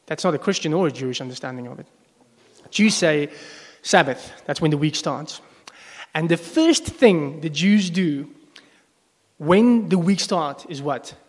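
A male pastor preaching a sermon to a congregation in a conversational way, often asking them questions. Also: a little high. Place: church service before a congregation. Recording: long echo of a large hall.

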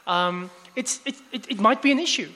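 A male preacher giving a conversational sermon in a church hall, with frequent restarts and animated asides. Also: high-pitched, normal speed. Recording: long hall reverb.

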